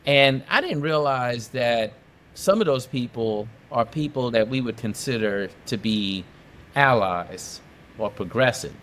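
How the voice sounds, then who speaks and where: A man's voice: mid-range voice, animated, a little slow, fairly bright tone, slight background noise. A middle-aged man from New York telling his story as a podcast guest, emphatic and fond of repeating phrases for effect. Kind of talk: casual storytelling interview.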